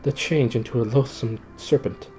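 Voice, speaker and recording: A man voicing a tormented, enchanted knight who begs desperately to be set free, his voice strained and high. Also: normal speed, warm tone, faint music behind, close to an everyday voice, low-quality recording. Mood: urgent pleading. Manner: high strained pleading, rising to shrieks. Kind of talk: storybook reading.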